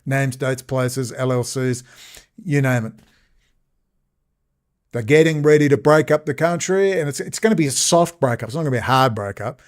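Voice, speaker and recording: A man's voice: mid-range voice, normal speed. A man ranting sarcastically in a rambling video commentary.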